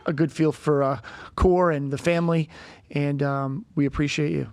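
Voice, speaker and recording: A man, a company CEO appearing as a podcast guest, chatting casually and often halting and restarting his sentences. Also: a little high, fairly even intonation, darkish tone, no room sound. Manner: halting, stammers and restarts when moved.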